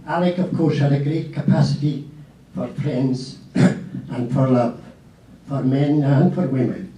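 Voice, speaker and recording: Man giving a eulogy, very dark and mellow tone, slow and reflective, quotes poetry, far off in an echoey hall. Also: medium pitch. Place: memorial hall.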